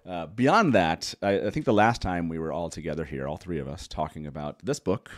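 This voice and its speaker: A man's voice: deep voice, a little fast, no room sound, clean studio sound. A man hosting a casual live talk show, rambling and correcting himself with a chuckle. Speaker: host.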